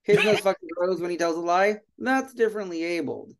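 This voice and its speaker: A man's voice: high-pitched, a little fast. A man, an actor guesting on a podcast, talking in a sardonic, rambling way with many fillers and swears. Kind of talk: casual podcast chat.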